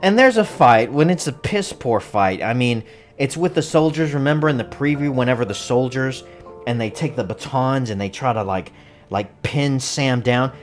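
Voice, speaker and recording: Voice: medium pitch, lively intonation, normal speed, faint music behind. A movie reviewer giving a casual, rambling recap full of jokes and frequent laughter. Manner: rambling and joking, laughs often. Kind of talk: casual spoiler-filled recap.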